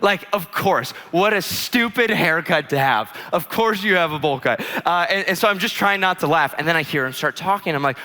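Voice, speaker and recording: A man preaching a sermon, telling a story in an animated, chatty way with many fillers. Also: sits high, fairly quick, few pauses. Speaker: pastor. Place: church auditorium. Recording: long church hall reverb.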